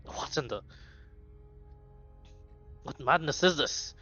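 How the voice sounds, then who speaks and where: A man's voice: a little high, expressive, takes it slowly, pushed and bright, highs cut off, soft background music, heavily acted. A man voicing a stern, burly male archdruid who accuses captives. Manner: imperious, accusing.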